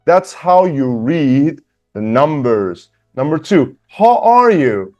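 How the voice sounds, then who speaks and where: A patient male teacher walking beginners through a workbook, talking slowly and repeating words. His voice rises and falls a lot, and soft music plays underneath. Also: a little high, big pitch swings. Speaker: English teacher. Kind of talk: slow workbook lesson for beginners.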